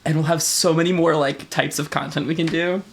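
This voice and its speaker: A man's voice: fairly high pitch, steady tone, brisk, gravelly, a little hiss or hum. A man co-hosting a podcast in casual chat, teasing his partner and laughing often. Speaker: podcast co-host.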